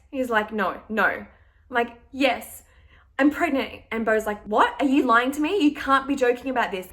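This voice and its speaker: A woman's voice: fairly high pitch, moderate pace, a bit bright. A young woman vlogging, telling a personal story in a chatty, emotional way with lots of "like". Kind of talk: casual storytelling to camera.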